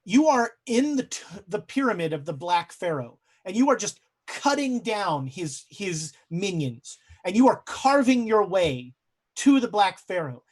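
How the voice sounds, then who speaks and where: A man's voice: high voice, sing-song, unhurried. Game master man telling grim dream scenes. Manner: dramatic storytelling with frequent hesitations. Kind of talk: narrating a tabletop horror game.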